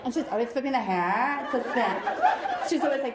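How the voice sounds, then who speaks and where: A woman in her forties performing a stand-up comedy set, animated and mocking slang in exaggerated voices. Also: high voice, brisk. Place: comedy night in a live venue with audience. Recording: echoey room, loud crowd laughter and noise.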